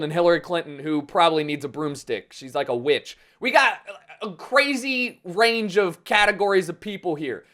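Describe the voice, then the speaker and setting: Young dude ranting, sweary, sarcastic, kinda all over the place. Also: male voice, sits high, a bit bright. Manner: profane, rambling, sarcastic. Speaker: vlogger. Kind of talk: casual political rant.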